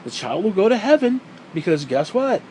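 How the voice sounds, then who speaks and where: A man on a profane, sarcastic rant, his voice sitting high and leaping up and down as he gets heated. He swears constantly and pushes every point hard. A faint hum of air conditioning runs behind him. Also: sing-song, normal speed, a little mellow, rough recording. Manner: mocks others in put-on quoted voices. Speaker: vlogger. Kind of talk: profane ranting monologue.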